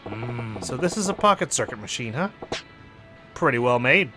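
A man doing a stoic middle-aged yakuza who speaks in short, low, deadpan lines. The voice is dropped well below his normal talk and stays flat and terse, with a faint bed of music behind it. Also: normal speed, natural voice. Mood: unimpressed. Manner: low, clipped, deadpan delivery.

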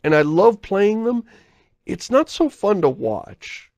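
A podcast host chatting casually in a rambling, self-interrupting way, often laughing and reading listener mail. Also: male voice, high-pitched, big pitch swings, slow pace, darkish tone, no room sound. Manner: reads listener mail aloud.

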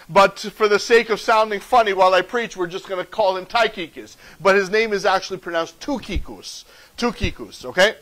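High-voiced animated male preacher. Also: low-quality recording. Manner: animated, joking preacher with laughs. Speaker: pastor. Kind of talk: sermon. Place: church sanctuary.

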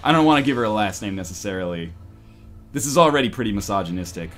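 A man's voice: lowish voice, fast. A man hosting a casual voice-call podcast, joking and reading a story aloud in a mock-dramatic way, often swearing. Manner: animated, profane, mock-dramatic. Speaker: podcast host. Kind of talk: casual chat and reading a visual novel aloud. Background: faint rock music.

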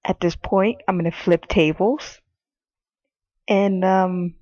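A woman's voice: lowish voice, fairly even intonation, slow pace, warm tone, no echo, highs cut off. A young woman with a cold giving casual, swearing gameplay commentary from her bed, exasperated and rambling. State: sick, coughing. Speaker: gaming video creator. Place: bedroom.

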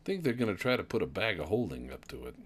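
Deep-voiced man with wry gameplay commentary. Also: sing-song, fast talker, a little hiss or hum. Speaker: gamer.

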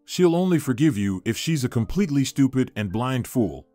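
A man plays a smug young lover, unhurried and lazily mocking. The storybook figure's voice is close and dry. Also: mid-range voice, no room sound, soft background music, lightly acted. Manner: calm, lazy, mocking.

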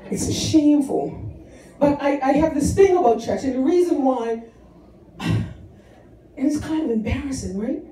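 A woman's voice: sits high, animated, normal speed, long pauses, mellow. A woman doing a stand-up comedy set in a church hall, chatty and self-mocking, stretching out her punchlines. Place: church hall with live audience. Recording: echoey hall, taped from far off, audience laughter. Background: crowd laughing.

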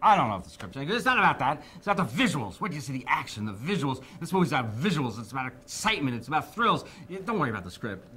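A man doing a loud, pushy movie producer. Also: mid-range voice, very animated, racing, few pauses, a little hiss or hum, voice pushed up. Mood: excited. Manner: emphatic, repetitive, pushy.

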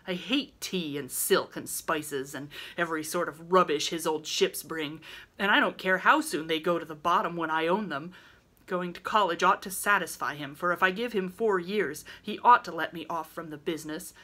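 Woman putting on a fired-up teen boy, talks in bursts, bright low-ish voice, read-aloud story. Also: moderate pace. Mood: impassioned. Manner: excited, emphatic outbursts. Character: lively impatient teenage boy.

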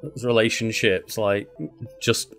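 A man's voice: fairly low pitch, flat delivery, slow, fairly bright tone, faint music behind. A man co-hosting a casual podcast, laid-back, mostly giving short replies and laughing. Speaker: podcast co-host. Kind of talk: casual chat.

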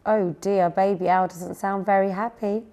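A woman reading a picture book aloud to young children, gently asking them questions along the way. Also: mid-range voice, fairly even intonation, moderate pace. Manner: gentle, asks listeners questions. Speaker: storyteller.

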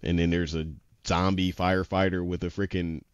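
A man's voice: deep voice, level tone, moderate pace, clear, resonant tone, no echo, lo-fi sound. A man casually retelling an anime episode, rambling with lots of "he was like" quotes and frequent laughs. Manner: laughs often. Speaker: podcast co-host.

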